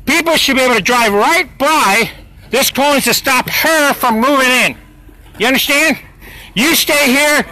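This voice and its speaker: Man, very high bright voice, heated, argumentative, phone recording on a street. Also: low-quality recording. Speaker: parent filming a street dispute. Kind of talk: handheld confrontation vlog. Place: outdoor street by a school.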